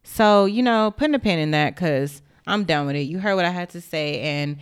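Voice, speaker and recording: A woman's voice: on the low side, moderate pace, smooth, no echo, clean studio sound. A young woman giving an impassioned, indignant monologue straight to the camera, blunt and emphatic, with swearing.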